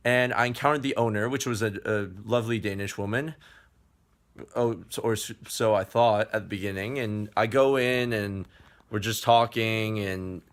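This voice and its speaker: A man's voice: lowish voice, steady tone, moderate pace. An American man from Chicago hosting a travel fitness vlog, talking earnestly and casually to camera, often repeating and restarting phrases. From Chicago, United States. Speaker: travel fitness vlogger, host.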